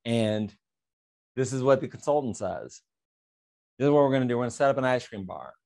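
A man giving a talk on fair housing, telling an animated teaching story in which he quotes both sides of a conversation and repeats phrases for emphasis. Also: mid-range voice, fairly quick, gravelly.

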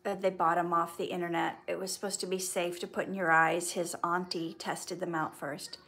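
This actress has a fairly low but fairly bright voice, with a level tone at a normal pace. Hosting a relaxed livestream Q&A, she reads out viewer comments and answers them warmly and conversationally, blending sincere faith-based advice with gentle humor.

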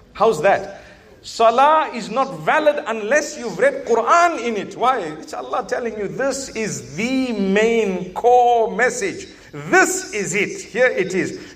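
A male preacher addressing a hall full of people, his fairly high voice climbing to emphatic peaks and dropping to quiet, gentle advice. He puts questions to the audience and slips in light jokes between points. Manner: animated, rising to emphatic exhortation, then softening. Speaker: Islamic preacher. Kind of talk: live sermon to an audience. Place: large events hall with live audience.

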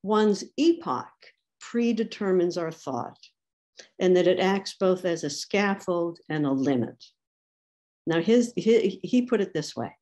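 A woman's voice: fairly low pitch, a little slow, mellow. A woman speaker at a medical education symposium, giving an academic lecture with wry asides as she quotes thinkers.

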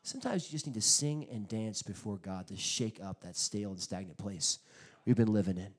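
A male pastor preaching a sermon, telling stories in an animated way, acting out quotes and bursting out loudly at times. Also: on the low side, a little fast, slightly rough. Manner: animated storytelling with sudden loud bursts; acts out quotes in his stories.

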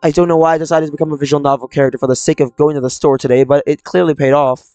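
A man's voice: on the high side, steady tone, rapid-fire, dark tone, clear, resonant tone, no room sound, close to an everyday voice. A man reading aloud the lines of a troubled young person with mental illness from a visual novel, in a subdued, confessional way. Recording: dry close mic, faint game music.

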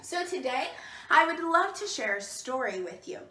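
A woman's voice: high-pitched, big pitch swings, normal speed, echoey room, noisy background. A woman hosting a bilingual children's storytime, cheerful and encouraging, who asks the children to repeat words after her while she sits indoors. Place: indoors, seated.

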